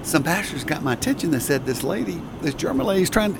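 A man's voice: on the high side, sing-song, fast, creaky. Hesitant man with noise behind. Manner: hesitant, many fillers and restarts. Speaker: flight attendant guest. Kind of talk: casual storytelling.

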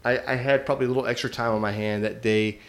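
Man, casual storyteller, rambling and self-amused, mid-pitched. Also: steady tone, fast talker, very noisy. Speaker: guest telling a prank story.

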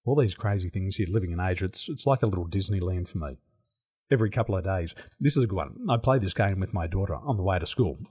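A middle-aged Australian man telling stories as an interview guest, animated and laughing often. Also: low-pitched, fast, slightly rough. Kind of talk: casual interview storytelling.

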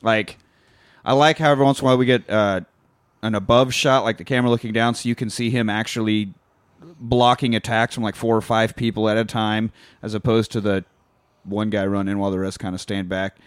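A man casually retelling a movie plot on a podcast, swearing often and animated. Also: lowish voice, brisk, clear, resonant tone, no echo. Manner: profane, animated retelling with acted quotes. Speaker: podcast co-host. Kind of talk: casual movie recap chat.

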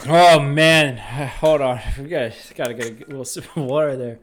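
A man from the US East Coast co-hosting a casual comedic chat, animated and acting out street characters in loud bursts. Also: a little high, measured pace, a little hiss or hum. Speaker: podcast co-host.

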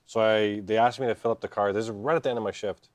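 A man, a guest on a casual podcast, tells a story from his working days in a calm, measured way. His voice is on the low side, and it sounds dry with no room echo. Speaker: guest, host's brother. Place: outdoors in a backyard.

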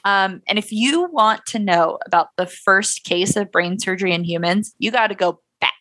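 A woman's voice: mid-range voice, normal speed, sharp tone, no room sound. A young woman co-hosting a podcast, playful and sarcastic, swearing casually as she presents a history topic. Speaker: podcast co-host.

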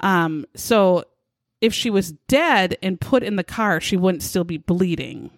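A woman's voice: on the low side, expressive, unhurried, dry recording. A woman casually recounting a true crime case to a co-host, blunt and indignant, with frequent swearing. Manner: blunt, profane, indignant storytelling. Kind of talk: casual chat.

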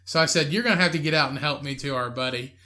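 A man's voice: fairly high pitch, fast talker, sharp tone. A man co-hosting a podcast, telling a long, crude, laughing story in casual chat and acting out the people in it. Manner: crude, laughing storyteller, acts out drunk friend and angry lady. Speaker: podcast co-host.

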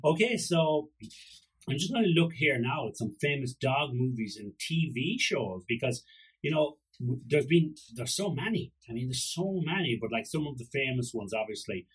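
A man's voice: mid-range voice, expressive, normal speed, breathy edge, poor audio. A man with an Irish accent hosting a podcast, rambling through joking stories about his dog, swearing and acting out little voices. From Ireland. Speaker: podcast host. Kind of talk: casual solo podcast monologue.

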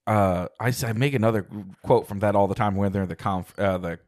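A man co-hosting a casual chat, animated and swearing, sliding into silly impressions now and then. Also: lowish voice, fast. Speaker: podcast co-host.

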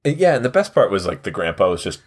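A man's voice: sits low, very animated, quick pace. A man co-hosting a comedic podcast, laid-back and jokey. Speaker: podcast co-host. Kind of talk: casual comedic chat.

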